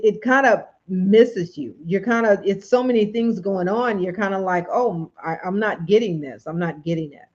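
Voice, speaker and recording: Lady coaching viewers on a late stream, middle-pitched voice, kinda muffled audio. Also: darkish tone. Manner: encouraging, chatty, repeats phrases. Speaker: livestream host and coach. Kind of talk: casual motivational livestream chat.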